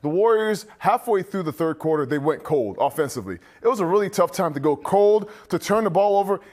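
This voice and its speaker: A man's voice: high voice, expressive, a little fast, darkish tone. A former player turned basketball analyst, a man giving a loose, conversational game breakdown on a postgame show.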